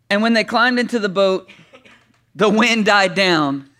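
Male pastor, animated sermon delivery, high-pitched bright tone. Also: unhurried. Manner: animated, reads scripture dramatically, then chats with humor.

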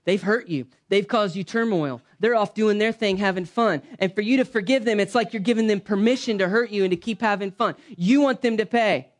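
A pastor delivers a conversational sermon in church at a brisk pace with hardly any pauses. He punches certain lines loudly and lets others fall to a quiet, low aside.

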